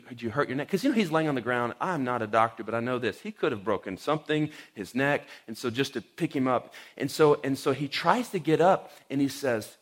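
A man, a pastor, giving a conversational sermon and telling a personal story with casual fillers and acted-out quotes. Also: mid-range voice.

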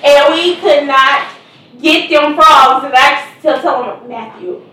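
A mother from Kansas City telling lively family stories with a Missouri accent, acting out voices and laughing often. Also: high-pitched, takes it slowly, distant mic. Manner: animated storyteller who acts out quotes and laughs often. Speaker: mother of the victim. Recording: echoey room, voice from afar.

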